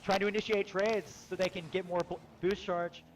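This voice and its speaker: A young man giving relaxed, jokey color commentary and analysis on an esports match. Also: sits high, brisk, a little hiss or hum, low-quality recording.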